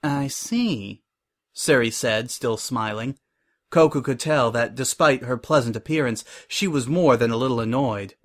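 A man narrating a pony fan story in a steady reading voice. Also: mid-range voice, normal speed. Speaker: reader.

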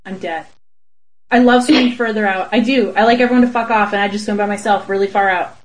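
A woman's voice: mid-range voice, fairly even intonation, fast talker. A woman co-hosting a casual comedic chat, playful and bawdy, laughing often. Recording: voice recording.

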